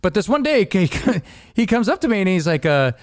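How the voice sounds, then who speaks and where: A man's voice: sits high, brisk, dry recording, studio quality. A man hosting a podcast, telling stories in casual chat, laughing often and acting out the people in them. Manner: laughing often, animated storytelling with impressions. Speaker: podcast host.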